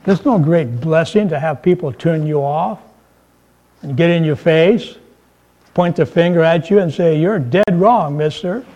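A man delivers a sermon with a fairly high voice for a man. He talks to the congregation in a relaxed, conversational way, telling jokes and raising his pitch whenever he drives a point home. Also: measured pace, dull audio. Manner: conversational preaching with humor, voice rising for emphasis. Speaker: pastor.

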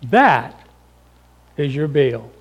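A middle-aged male pastor preaching a sermon, dramatic, acting out voices and swinging between loud calls and hushed lines, calling the listeners folks. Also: mid-range voice, big pitch swings, extremely slow, lo-fi sound. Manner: addresses the congregation as folks.

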